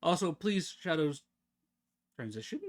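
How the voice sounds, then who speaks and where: A man live-streaming a game, chatting casually with his viewers as he plays, talking fast and slurring his words together. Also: fairly high pitch, big pitch swings. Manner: chatty, talks to chat while fiddling with settings. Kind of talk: casual live-stream chat while gaming.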